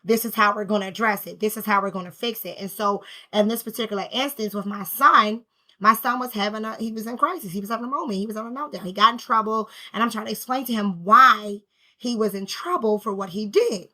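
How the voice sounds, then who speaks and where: Bright-voiced woman sharing a personal story. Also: medium pitch, fast talker. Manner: emotional, repetitive, confessional. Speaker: spiritual healing vlogger. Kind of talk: personal reflective monologue.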